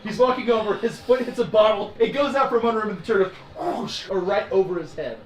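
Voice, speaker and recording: A man narrating a tabletop game as dungeon master, animated and often laughing. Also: high-pitched, brisk. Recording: echoey room with music.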